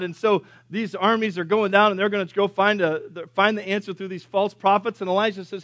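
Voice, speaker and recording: A pastor preaching a sermon, animated and punchy, acting out biblical characters in different voices. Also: male voice, high voice, a little fast, few pauses, no echo. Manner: punchy, swings between loud and soft.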